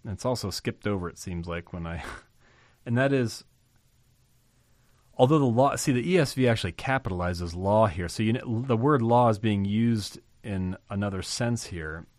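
Speaking at a normal speed with a fairly low pitch and darkish tone, a man on his podcast reads scripture aloud before explaining it word by word, phrase by phrase, repeating key terms to stress them. The sound is clean studio audio with no room sound.

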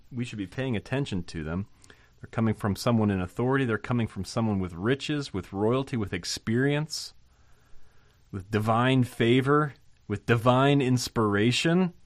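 A man's voice: mid-range voice, dry recording. A man giving an informal Bible lesson, thinking aloud with fillers and restarts and rising to emphasize key points. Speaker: Bible teacher.

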